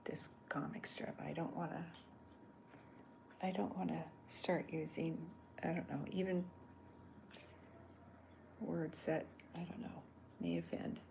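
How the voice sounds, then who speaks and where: A woman on a drawing live stream, talking softly in a half-whisper and rambling as she thinks aloud. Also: deep voice, steady tone, slow, creaky, pauses often. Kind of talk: soft-spoken ASMR drawing stream. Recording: noisy home stream audio.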